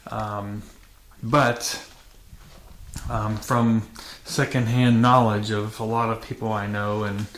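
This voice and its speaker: Slow and lowish, with little pitch movement and a slightly bright sound, this man hosts a dirt bike vlog. He chats to camera in a matter-of-fact, casual way, stumbling through fillers and restarts, and the room is echoey with faint noise.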